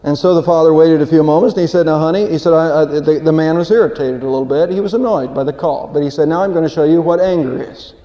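A man delivers a sermon in a high, mellow voice, earnest and plain-spoken, repeating a word here and there. The recording is dull and lo-fi, and a long reverb hangs in the church around him. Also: quick pace, few pauses. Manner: earnest preaching with a folksy joke, some repeated words. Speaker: pastor. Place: church sanctuary.

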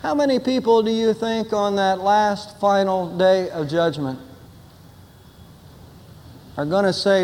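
Preaching an Easter sermon from the pulpit, an older male pastor shifts between a relaxed story and firm, emphatic declarations, a little slowly and with long pauses. His voice is high for a man and rings with the long reverb of a church sanctuary.

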